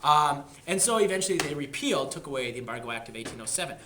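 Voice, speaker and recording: A man's voice: a little high, animated, fast, noisy background. A man teaching history in a casual lecture, chatty and jokey, using slang. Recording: echoey room.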